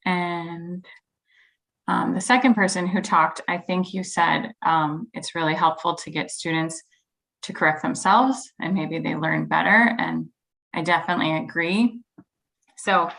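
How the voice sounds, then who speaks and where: Bright low-voiced woman leading a workshop. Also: vocal fry, poor audio. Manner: friendly explanatory, many ums, models sample sentences. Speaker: teacher trainer leading a workshop. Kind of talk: online teacher-training workshop.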